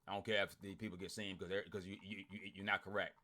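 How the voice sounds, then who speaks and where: A man ranting bluntly to his online group, swearing a lot, repeating himself and swinging from loud outbursts to muttering. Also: low voice, little pitch movement, fast talker. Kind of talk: heated profane rant to followers.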